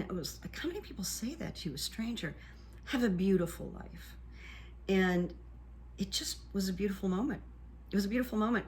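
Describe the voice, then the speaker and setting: An older woman, a vlogger, telling a casual story to her viewers in a chatty, meandering way with many ums and uhs. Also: on the low side. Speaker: vlogger and hypnotherapist.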